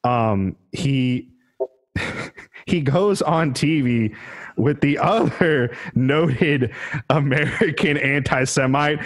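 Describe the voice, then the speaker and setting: A man's voice: medium pitch, very slow. A man co-hosting a podcast, telling history in a casual, profane, rambling way and laughing at his own jokes. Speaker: podcast co-host. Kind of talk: casual comedic history chat.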